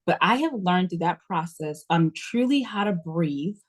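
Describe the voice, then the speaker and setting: A woman talking casually as a guest in an interview, acting out her own inner dialogue as she tells stories. Her manner is lively and expressive. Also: fairly low pitch, a little slow.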